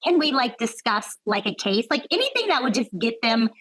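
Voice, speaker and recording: A woman physician talks a little fast in a slightly high, somewhat bright voice with big pitch swings. In a conversational interview she thinks aloud reflectively, peppering her speech with "right?" and "like," and the rough recording has no echo.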